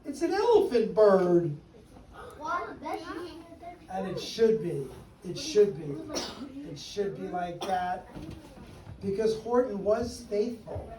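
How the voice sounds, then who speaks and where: A man entertains a room of kids, reading rhymes aloud and teasing volunteers in a playful, coaxing voice. He is picked up by a distant mic that catches the room's echo and a steady hum of background noise. His pitch sits in a middle range. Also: slow pace, pauses often. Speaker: costumed storyteller for children. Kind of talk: rhyming read-aloud and sing-along with kids.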